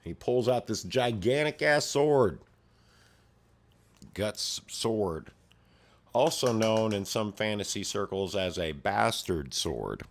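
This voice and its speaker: A man's voice: on the low side, lively intonation, slow pace. A man casually retelling a violent comic story, swearing freely and filling it with sound effects. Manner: profane, full of sound effects.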